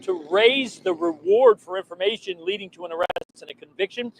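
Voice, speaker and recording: A male reporter files a TV news story in a steady, measured delivery. His voice sits high. Traffic and street ambience are clearly heard behind him.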